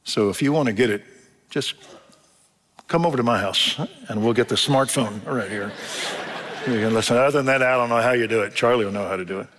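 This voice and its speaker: A man's voice: medium pitch, a little fast, fairly bright tone, slight background noise. An older man preaching a sermon in a church, telling stories in a folksy way and acting out what people said. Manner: folksy storytelling, acts out quotes. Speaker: pastor. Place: church sanctuary. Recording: long reverb of a church hall.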